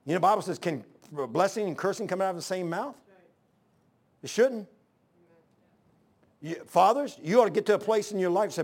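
High-voiced preaching man. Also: lively intonation, fairly quick. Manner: preaching with swings between loud exhortation and low hushed asides. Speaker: pastor. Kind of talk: sermon.

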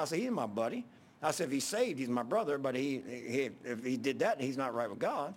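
A man's voice: mid-range voice, lively intonation, a little fast, husky. A man preaching a sermon, telling a story in a casual, conversational way with many restarts.

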